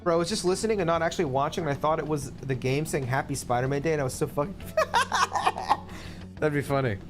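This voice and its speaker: A man's voice: a little high, brisk. A man from the Philippines chatting casually and profanely while streaming a game, with rambling asides and jokes. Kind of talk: casual live-stream chat over gameplay. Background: game music.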